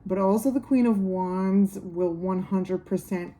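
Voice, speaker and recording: Woman, tarot reader, casual reading to camera, musing, many fillers, dark mellow voice, slow. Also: medium pitch. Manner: unhurried and musing, many fillers, speaks warmly to viewers.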